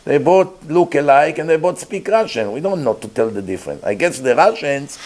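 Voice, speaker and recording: A man's voice: fairly high pitch, sing-song, moderate pace, darkish tone. A man giving an informal talk as a rabbi, earnest and emphatic, with grammar. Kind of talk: informal lecture.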